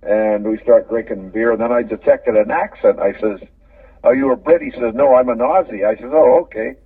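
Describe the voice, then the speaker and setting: An older Canadian former hockey player in a casual interview, rambling through stories, repeating words and chuckling. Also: male voice, medium pitch, normal speed, slightly rough, no echo. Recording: phone-line audio from a distance.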